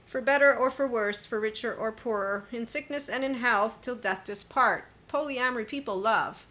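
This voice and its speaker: Bright and forceful at a medium pitch, a woman's voice carries a chatty, emphatic monologue on her spiritual self-help podcast. She quotes others and lets out sudden laughs.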